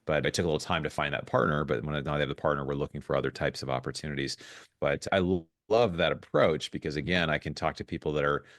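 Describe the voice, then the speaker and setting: A man speaking as a guest in a podcast interview, telling stories in an animated way with frequent restarts. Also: rumbling low, no room sound, clean studio sound. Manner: fast, animated storytelling with restarts. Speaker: guest investor.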